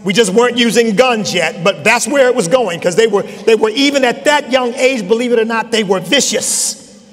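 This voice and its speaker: A man's voice: very high-pitched, normal speed, a bit bright. Older man preaching in a big hall. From Chester, Pennsylvania. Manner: storytelling, rising to emphatic peaks. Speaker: bishop preaching. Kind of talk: sermon testimony. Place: large conference hall. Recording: long hall reverb.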